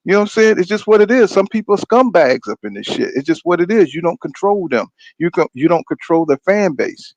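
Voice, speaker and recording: A man's voice: sits high, no room sound. A man hosting a boxing podcast. He talks in a casual, rambling way, gets heated and swears a lot, and keeps saying "you know what I'm saying". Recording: dull, dry lo-fi sound.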